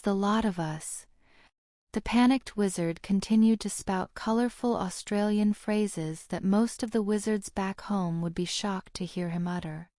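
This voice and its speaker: A woman reads a fantasy audiobook aloud in a steady storytelling way. Her voice is mellow and dark-toned, recorded dry and close with no room sound. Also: mid-range voice, no room sound. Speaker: audiobook narrator. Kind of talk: scripted narration.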